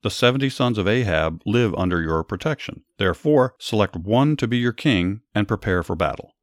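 A blunt, ruthless king giving hard orders, read by a man. The voice sits low and dry, with commands pushed louder. It stays close to a plain storytelling read. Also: expressive, moderate pace, no room sound, lightly acted. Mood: commanding. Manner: reads plainly, commands raised and loud.

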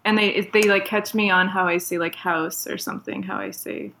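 A woman's voice: lowish voice, big pitch swings, moderate pace, vocal fry, noisy background. A woman from Toronto with a Canadian accent, a guest chatting casually and giggly in an interview, with lots of fillers.

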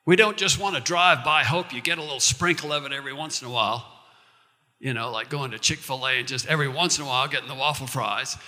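A male pastor preaching a sermon in a conversational way, slowing down to recite verses and lines. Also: medium pitch, bright, forceful tone, long reverb tail.

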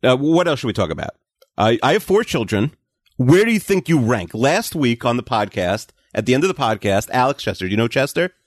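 A man's voice: mid-range voice, very animated, a little fast, no echo, clean studio sound. A man in his forties hosting a podcast, chatting casually with a rambling, hesitant, teasing manner. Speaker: podcast host. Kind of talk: casual chat.

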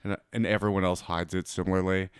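A man's voice: low-pitched, flat delivery, fast talker, clear, resonant tone, no echo, studio quality. A man co-hosting a podcast, telling a crude self-mocking story in casual chat.

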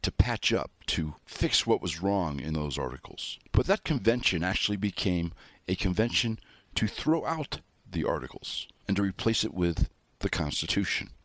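Deep, lively folksy host, country rancher manner, dry close mic. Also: male voice, no echo. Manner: folksy storytelling, self-styled country rancher. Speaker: talk show host. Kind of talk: political talk show monologue.

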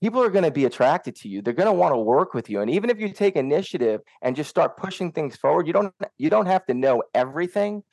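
A man's voice: on the high side, very animated, quick pace, hardly any pauses, darkish tone, no room sound. A young man who heads SEO, talking earnestly about attitude at work and often checking in with "right?". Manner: earnest, coaching, with many rhetorical "right?". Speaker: SEO team lead. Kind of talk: workplace talk.

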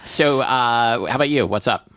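A man's voice: medium pitch, moderate pace, a bit bright, no echo, studio quality. A man co-hosting a comedy podcast, chatting casually with wry, hesitant stammers. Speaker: podcast co-host. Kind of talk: casual comedic chat and mock reading.

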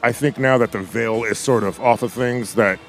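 Man, interview guest, lively storyteller, mid-pitched voice, mimics voices when quoting. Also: normal speed, soft background music. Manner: animated storyteller, acts out quotes in a higher voice. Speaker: podcast guest. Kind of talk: casual interview chat.

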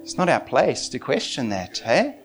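A man preaching a sermon in an animated way, often breaking into laughter as he talks. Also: mid-range voice, moderate pace, music in the background.

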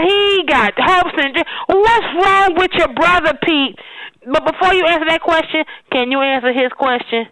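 A drunk woman co-hosting a podcast, ranting loudly and profanely with mock indignation. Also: high-pitched, moderate pace, poor audio. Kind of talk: casual podcast banter.

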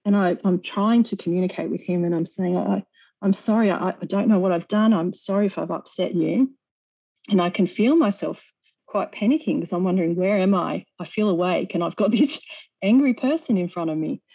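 A woman earnestly recounts a personal experience as a guest, often restarting her sentences and slipping in small nervous laughs. Her voice is mellow and soft-edged. The recording is dull and lo-fi. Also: on the low side, brisk, creaky.

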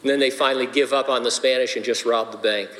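Man, pastor, jokey sermon delivery, medium pitch, long hall echo. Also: fairly even intonation, fast talker, fairly bright tone. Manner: jokey, playful asides. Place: church sanctuary.

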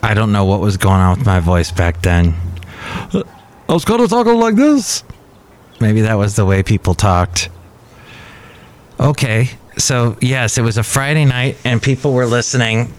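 A man's voice: lowish voice, fairly even intonation, moderate pace. A man in his fifties hosting a podcast, rambling casually and poking fun at himself. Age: 50s. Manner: rambling, self-deprecating. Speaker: podcast host. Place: cafe.

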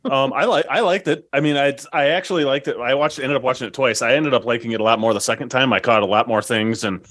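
A man co-hosting a casual podcast, joking around and talking quickly. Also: mid-range voice, fairly bright tone. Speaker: podcast co-host.

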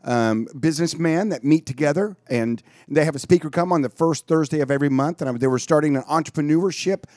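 A man's voice: fairly high pitch, brisk, hardly any pauses, darkish tone, dry recording, studio quality. A man co-hosting a talk radio show, chiming in with short, supportive reactions. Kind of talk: casual talk radio banter.

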